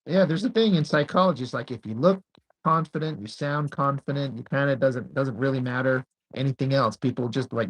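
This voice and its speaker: A young man with a husky, slightly breathy voice talks in a loose, rambling way. He laughs easily and drifts between thoughts. It sounds like it comes through a video call. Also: mid-range voice, a little fast, low-quality recording. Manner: laid-back, laughs often, rambling. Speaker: co-host. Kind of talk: casual chat over a video call.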